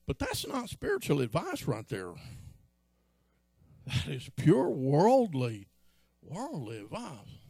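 A man's voice: huge pitch swings, slow, creaky, long pauses, mellow, breathy edge, no echo, clean studio sound. A man preaching a sermon as pastor, telling stories from his life and acting out quotes. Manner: storytelling, acts out quotes in a high voice.

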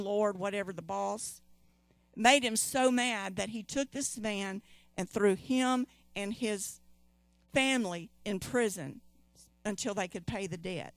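A woman's voice: medium pitch, a little slow, no room sound. A woman preaching a sermon, emphatic and repeating key phrases, calling on the congregation to respond.

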